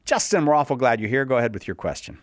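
A man's voice: medium pitch, big pitch swings, very fast, dry recording. Male radio host, dry studio sound, loose joking delivery with frequent fillers. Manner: joking, rambling with many fillers. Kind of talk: casual live radio talk.

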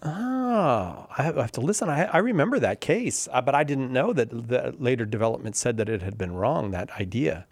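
A man's voice: medium pitch, lively intonation, fairly quick, few pauses, dry recording. A man hosting a call-in radio show, chatty and reactive as he introduces callers.

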